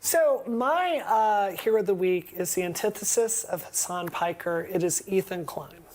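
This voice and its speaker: A woman's voice: mid-range voice, moderate pace, heavy background noise. A woman from Mississippi speaking as a guest on a TV panel, introducing a segment in an upbeat way. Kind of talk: TV panel talk.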